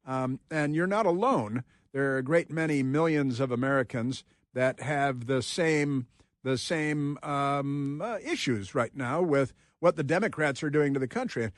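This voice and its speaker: A man's voice: medium pitch, measured pace, dry recording, studio quality. A man hosting a political talk radio show, emphatic and rambling, laughing often. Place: radio studio. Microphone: studio microphone.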